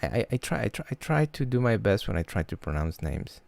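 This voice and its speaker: A man chatting casually on a livestream, halting and restarting his words often. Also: lowish voice, sing-song, creaky, darkish tone, no room sound. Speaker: livestream host.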